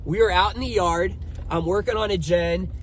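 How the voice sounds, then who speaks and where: A man's voice: high voice, moderate pace, slight background noise. A young man casually telling his own story, swearing often and speaking with heavy emphasis. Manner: profane, emphatic, animated retelling.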